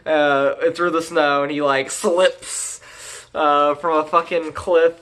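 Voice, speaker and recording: A man's voice: fairly high pitch, level tone, slow, a bit bright. Crude, rambling young male reviewer. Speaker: anime reviewer. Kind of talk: casual profane recap.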